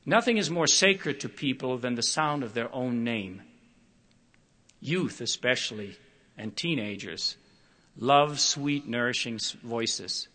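Speaking in a mid-range voice, an older man delivers a prepared public talk. His storytelling is measured yet expressive, and he performs the quoted voices himself.

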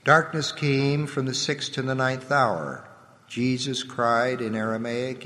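A man giving a solemn, measured scripture reading, letting his voice drop at the ends of phrases. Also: mid-range voice, pushed and bright. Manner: measured, reverent delivery with the voice dropping at phrase ends. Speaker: scripture reader. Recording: long hall reverb.

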